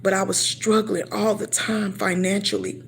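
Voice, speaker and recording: A woman's voice: mid-range voice, steady tone, normal speed, creaky, a little hiss or hum. A middle-aged woman telling a personal faith testimony, acting out her past conversations and often repeating and restarting her words. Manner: emotional storytelling, acting out her own past dialogue. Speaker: speaker sharing a faith testimony.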